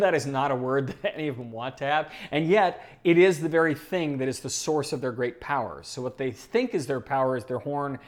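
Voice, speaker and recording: A man giving an animated teaching talk, telling stories with asides and chuckles. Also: medium pitch, a little fast, few pauses. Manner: lively storytelling with asides and chuckles. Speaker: speaker on personality types.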